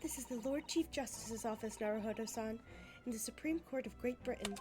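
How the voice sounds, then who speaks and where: A woman voicing a polite, composed young female assistant in a video game, speaking in a measured way. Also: fairly high pitch, over music, natural voice.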